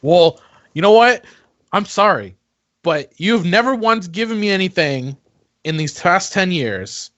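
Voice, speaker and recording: A man voicing a paranoid, defensive heir in a tabletop game, halting and apologetic with many restarts. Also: medium pitch, fairly bright tone, no room sound, dull audio, lightly acted.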